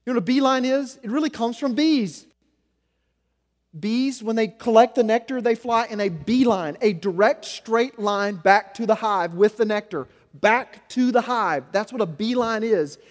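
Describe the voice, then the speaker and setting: A man preaching a sermon as senior pastor, swinging between loud emphasis and hushed, low passages. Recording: long hall reverb.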